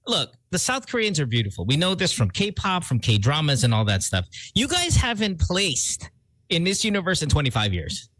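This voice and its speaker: A man's voice: a little high, wildly swooping pitch, fairly bright tone, no room sound. A man hosting a morning radio show, joking and ranting playfully in casual banter. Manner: playful, ranting, quick jokes. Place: radio studio. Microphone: studio microphone.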